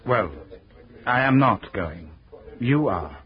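An actor playing an earnest, principled young French gentleman in a radio drama, speaking in a measured, reasoned way. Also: medium pitch, animated. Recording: muffled old radio broadcast.

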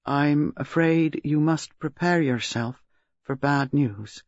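A stolid middle-aged police superintendent, read by a male narrator, low and grave. He speaks steadily, with restraint. The audiobook recording is dry and a little dull. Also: slow, no room sound.

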